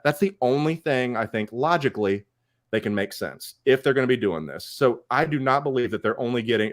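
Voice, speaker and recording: A man co-hosting a casual podcast chat, telling a story and acting out the people in it. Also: medium pitch. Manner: animated storytelling, acts out quoted exchanges. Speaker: podcast co-host. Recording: online call.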